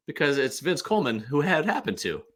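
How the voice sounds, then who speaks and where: Man telling a lively baseball story. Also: fairly high pitch, fairly quick, breathy edge. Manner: animated, digressive storyteller. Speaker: podcast guest. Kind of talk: casual chat.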